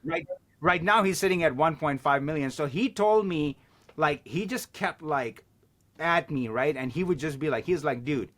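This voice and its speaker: A man talking as a podcast guest, telling stories in an animated way and swearing casually. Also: a little high, moderate pace. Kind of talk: casual chat.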